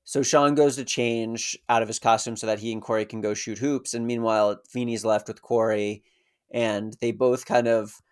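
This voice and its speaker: A man co-hosting a podcast, walking through a TV episode's plot in an easygoing, conversational way. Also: medium pitch. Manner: easygoing storyteller, with some filler "uh"s. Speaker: podcast co-host. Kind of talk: casual episode recap chat.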